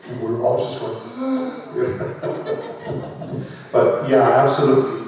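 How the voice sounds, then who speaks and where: A man in his sixties, a voice actor on a convention panel, telling lively anecdotes and self-mocking jokes into a handheld mic. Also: mid-range voice, drawn-out words. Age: 60s. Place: large convention hall. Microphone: handheld microphone. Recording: echoey hall, voice from far off.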